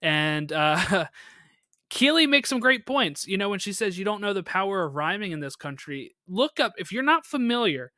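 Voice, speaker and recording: Bright, upbeat man recapping a show. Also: high voice, sing-song, normal speed, no echo, clean studio sound. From United States. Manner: rambling, laughs often, many fillers. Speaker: podcast co-host. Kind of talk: casual episode recap chat.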